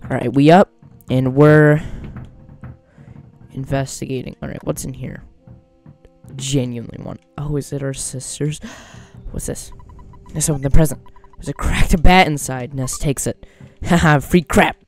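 Jokey gameplay commentator with a gravelly edge; reads game lines aloud over soft background music. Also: mid-range voice, fairly even intonation, measured pace. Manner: jokey, goofy, riffs on the game text. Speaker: gameplay streamer. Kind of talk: let's play commentary, reading game dialogue aloud.

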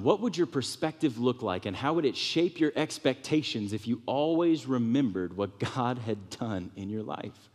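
A man preaching a sermon in a church with lively, animated delivery, sometimes softening to a hushed, comforting tone. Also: normal speed. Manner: animated preaching, drops to soft tones for comfort, rises high for emphasis. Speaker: pastor. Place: church sanctuary. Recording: long reverb of a church hall.

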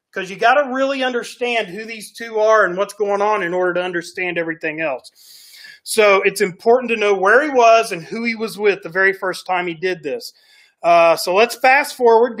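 High, bright-voiced folksy preacher man. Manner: folksy, storytelling with frequent "right?" and "okay?". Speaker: pastor. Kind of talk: sermon. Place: church sanctuary.

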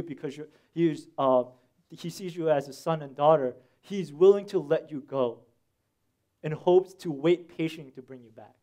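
A young man preaching a sermon as a pastor, telling stories in an animated way with slangy asides. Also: on the high side.

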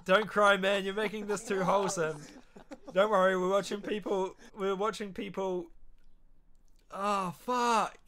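A young man streaming live, reacting to clips in casual chat, excitable and openly emotional, swearing freely. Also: high-pitched, unhurried.

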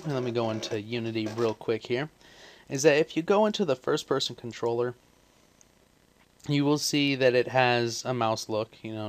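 Man, middelhoge stem, glad en helder; losse, rommelige tutorialuitleg met zelfcorrecties, heeft de hik. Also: medium pitch. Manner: rambling, self-correcting, offhand. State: hiccups. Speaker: tutorial maker. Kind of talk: casual screen-recorded coding tutorial.

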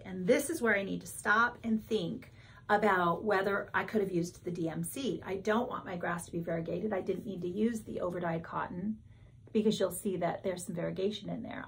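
A woman's voice: medium pitch, gravelly, a bit bright. A woman in her sixties chatting casually as she shows her stitching projects, thinking aloud and correcting herself as she goes. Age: 60s. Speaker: cross-stitch vlogger. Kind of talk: casual show-and-tell chat.

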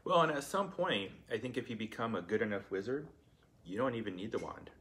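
Playful dad with a lively voice. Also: male voice, fairly low pitch, a little fast, heavy background noise. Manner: playful, hammy food-tasting delivery. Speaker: dad in a family vlog. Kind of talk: casual family chat.

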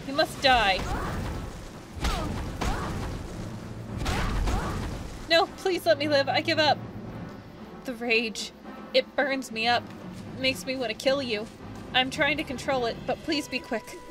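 A woman's voice: high-pitched, fairly even intonation, normal speed, over music, voice pushed up, lightly acted, rough recording. A woman voicing a rage-addled female dryad from a video game, swinging between hostility and apology. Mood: strained. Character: rage-addled female dryad, tree spirit, erratic and snappish. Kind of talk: reading game dialogue aloud.

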